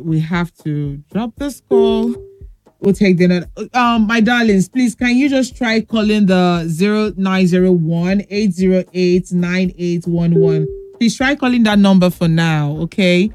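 A woman's voice: mid-range voice, takes it slowly, darkish tone, faint music behind. A woman hosting a children's radio call-in show, playful and teasing, laughing often and calling the callers pet names. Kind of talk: lively radio call-in chat.

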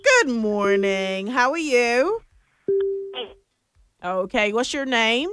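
A woman's voice: a little high, big pitch swings, takes it slowly, heavy background noise. A woman hosting a morning radio call-in show, chatting playfully with callers and laughing often. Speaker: radio host.

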